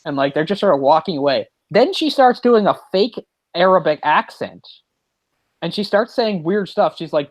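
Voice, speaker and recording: A man's voice: high-pitched, animated, moderate pace, no room sound, rough recording. A man co-hosting a podcast, casually retelling a story with mocking impressions. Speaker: podcast co-host. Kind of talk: casual chat.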